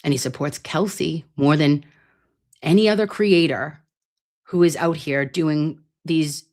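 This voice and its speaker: A woman in her late thirties hosts a casual live stream with a low voice. She talks in a rambling, playful way and swears freely. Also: a little slow, a little mellow. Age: 30s. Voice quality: self-described grating voice. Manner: chatty, rambling, playful and crude. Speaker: livestream host. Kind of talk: casual livestream chat. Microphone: computer mic on a live stream.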